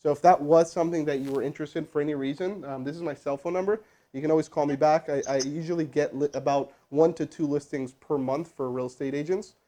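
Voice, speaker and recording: A man whose voice sits on the high side talks fast through a live cold sales call and then some coaching for his crew. He's casual and full of fillers and restarts, coming across as energetic and prone to rambling.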